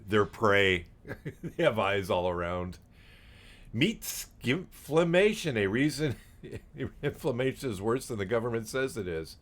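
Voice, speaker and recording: A man's voice: lowish voice, lively intonation, moderate pace, fairly bright tone. A man co-hosting a podcast, chatting casually about odd news and laughing often. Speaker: podcast co-host.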